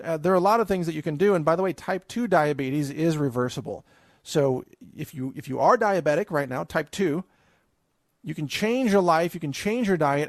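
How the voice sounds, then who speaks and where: A man's voice: a little high, no room sound, clean studio sound. Emphatic man giving an audio seminar. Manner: chatty and emphatic, with a chuckle, many restarts and fillers. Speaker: podcast host.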